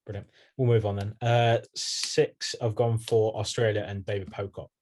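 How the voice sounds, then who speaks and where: A young man with a fairly low voice, co-hosting a relaxed podcast chat. He answers in short, dry lines and keeps the running order moving. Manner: dry, brisk, moves things along. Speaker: podcast co-host. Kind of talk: casual banter.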